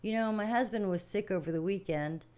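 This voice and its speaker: Speaking fairly quickly in a medium-pitched, darkish voice, a middle-aged woman hosts a livestream with an informal, folksy spiritual talk. She's plain-spoken and laughs a lot, circling back and repeating herself as she rambles.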